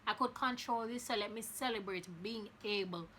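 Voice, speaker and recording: A woman's voice: medium pitch, moderate pace, bright, forceful tone, a little hiss or hum. A young woman hosting a podcast, talking earnestly and encouragingly and telling a story with frequent restarts. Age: young adult. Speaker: podcast host. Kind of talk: casual podcast monologue.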